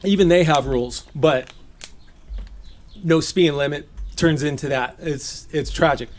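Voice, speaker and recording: A man's voice: a little high, unhurried. A man raised in Southern California giving an informal, conversational Bible teaching, laughing at his own jokes.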